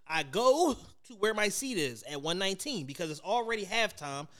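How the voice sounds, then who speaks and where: High, bright-voiced man telling stories. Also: moderate pace. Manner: animated storytelling, profane, acts out others' lines. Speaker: podcast co-host. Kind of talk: casual chat.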